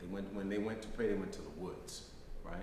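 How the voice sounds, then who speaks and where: A middle-aged American man with a low voice and fairly even intonation speaks briskly, sharing personal stories as a guest lecturer before a live audience. His conversational style is full of "right?" check-ins, and the echoey lecture hall adds faint noise.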